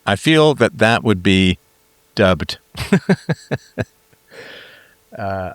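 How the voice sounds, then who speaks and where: A man's voice: on the low side, lively intonation, slow pace, long pauses, no room sound. A middle-aged man hosting a live talk show, musing aloud in a jokey way, full of fillers and restarts. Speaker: host.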